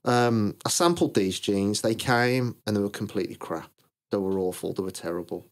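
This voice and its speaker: A man's voice: lowish voice, moderate pace. A British man, a brand founder, casually tells his story in an interview, acting out old conversations and laughing at his own punchlines. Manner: lively, acts out both sides of past conversations. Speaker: clothing brand founder, podcast guest.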